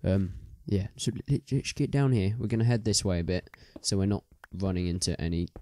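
A man's voice: lowish voice, fairly quick, dark tone. A young man chatting casually as he plays a game, rambling with many ums and restarts. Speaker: gaming video host.

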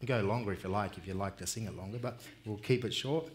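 A man's voice: fairly low pitch, fast talker. A man leading a conference audience in a call-and-response song, encouraging and upbeat, calling out and demonstrating. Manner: upbeat, encouraging, calls out and sings examples. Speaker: music and dance workshop leader. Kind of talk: leading a group singing workshop.

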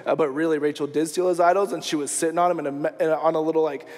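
A man's voice: on the high side, fairly even intonation, very fast, a little mellow. A man preaching a sermon as pastor, retelling a story casually and acting out the quoted lines. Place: church sanctuary. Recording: long church reverb.

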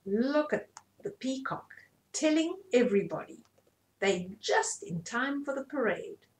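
A woman's voice: high voice, very animated, a little slow. Older woman reading a bedtime story. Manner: gentle, explaining to children. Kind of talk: bedtime story read-aloud for children.

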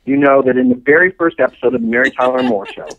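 A middle-aged man, a show's co-creator, telling anecdotes as a guest in a podcast interview, animated and full of fillers. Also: mid-range voice, fast talker. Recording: tinny phone-like line.

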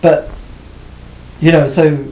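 A man being interviewed about his music career, talking reflectively with many pauses and restarts. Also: level tone, dark tone, muffled recording. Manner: hesitant, many restarts and "you know". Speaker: interviewee, former band cellist. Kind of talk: reflective casual interview talk. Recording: roomy, faint rumble.

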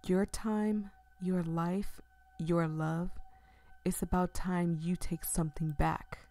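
A woman's voice: on the low side, flat delivery, slow pace, dark tone. A woman voicing a male ghost who whispers urgings into the listener's thoughts, in a whispered role-play. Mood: coaxing. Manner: urging, insidious. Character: coaxing male ghost voice inside your head.

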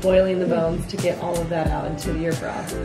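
A middle-aged aunt chatting at a home dinner, teasing and explaining. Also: female voice, lowish voice, brisk, reverberant, music in the background. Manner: lively, teasing, explains things. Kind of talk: casual chat over dinner.

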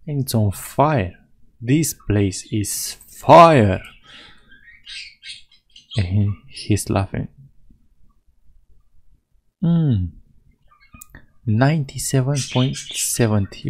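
A man from Europe with a medium-pitched voice hosts a Let's Play video on a low-quality recording. He reads the game's text aloud playfully, putting on mock voices for the dialogue.

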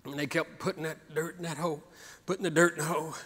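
A man's voice: on the high side, flat delivery, quick pace, fairly bright tone, slightly rough, big-room sound. A man preaching a sermon as pastor, building up to repeated, rising exhortations. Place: church sanctuary.

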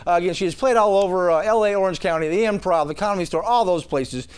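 A man with a strikingly high voice hosts a local TV show. He reads a jokey countdown list and introduces a guest comedian with upbeat patter. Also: fast, smooth, rough recording. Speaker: show host. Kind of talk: local TV host reading a top-eleven list.

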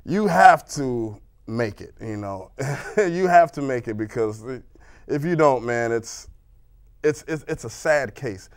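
A male life coach co-hosts a local television show from the studio, delivering a motivational message. His voice sits at an average pitch. He stumbles over repeated words, then settles into firm, deliberate lines. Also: lively intonation, clean tone.

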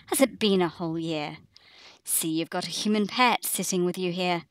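A woman voicing Paws, a calm, purring old female cat, in a storybook poem. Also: fairly low pitch, normal speed, no echo, lightly acted. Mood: warm greeting. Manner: purring, matter-of-fact.

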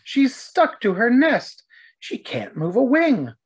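A woman voicing an anxious, eager young boy page who shouts urgent warnings in a storybook reading, slow and lively. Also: fairly high pitch, breathy edge, pitched above the performer's own voice, exaggerated voice. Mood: alarmed.

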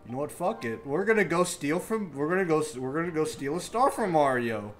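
A young man giving crude live commentary on a party video game, muttering complaints under his breath, then yelling and trash-talking the computer players. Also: on the high side, sing-song, a little fast, soft background music. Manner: crude trash talk, swinging from mumbled grumbling to yelling. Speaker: gaming YouTuber.

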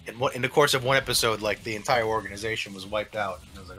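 A man's voice: on the low side, racing. A man chatting casually with friends during a game stream, rambling with lots of "like" and restarts. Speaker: let's play commentator. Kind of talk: casual chat.

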